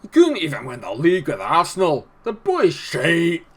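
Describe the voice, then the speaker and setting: A man's voice: a little high, huge pitch swings, normal speed, breathy edge, faint music behind, pitched above the performer's own voice, full character voice. A man putting on a Scottish accent to voice a scornful Scottish man who taunts and dismisses a football manager. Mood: taunting. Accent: put-on Scottish.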